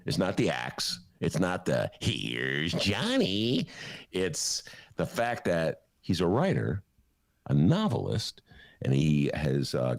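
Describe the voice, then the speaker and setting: A man's voice: deep voice, vocal fry, a little mellow, no room sound, clean studio sound. A man hosting a talk show, telling a rambling, jokey story in casual banter. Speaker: host.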